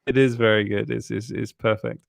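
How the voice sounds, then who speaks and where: A man's voice: on the low side, fairly even intonation, brisk, gravelly, no room sound, clean studio sound. A man co-hosting a casual panel chat, stumbling and restarting often and laughing between thoughts. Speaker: co-host. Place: home studio on a live stream.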